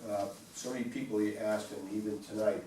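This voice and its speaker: A man's voice: on the low side, steady tone, a little fast, warm tone. A man presenting a wellness talk to a small group, conversational and asking the audience questions. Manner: conversational, asks the audience questions, repeats points. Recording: roomy, from far off, faint room noise.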